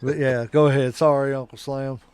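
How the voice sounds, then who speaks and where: Man, podcast co-host, chatty, interjecting comments, mid pitch. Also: little pitch movement, a little fast, darkish tone, smooth.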